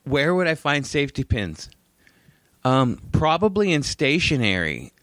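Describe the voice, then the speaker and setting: A podcast co-host with a medium-pitched voice tells stories at a measured pace in casual chat, animated and swearing often as he acts out what other people said. There's no room sound.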